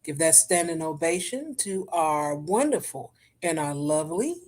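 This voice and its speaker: A woman hosting a casual chat show, talking in a chatty, animated way with African American English and sudden leaps in pitch. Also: a little slow. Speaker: host.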